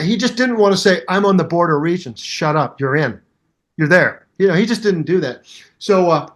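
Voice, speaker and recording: A man in his seventies, a musician guest in an interview, telling anecdotes in a hyper, animated way and acting out the voices of people in his stories. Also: fairly high pitch. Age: 70s. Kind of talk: storytelling interview.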